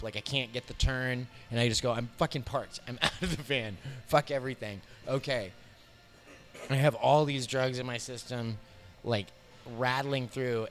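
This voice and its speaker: An American comedian in his thirties spins a raunchy anecdote in a sitting-down interview. He talks in an animated, profane way, chuckling through the story at an ordinary man's pitch. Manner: animated, profane anecdote telling with frequent laughs. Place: bar.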